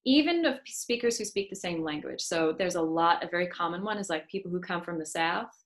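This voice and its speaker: A woman's voice: lowish voice, fairly quick. A woman working as an accent coach, explaining her views firmly in a podcast conversation. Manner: firm, opinionated explanations.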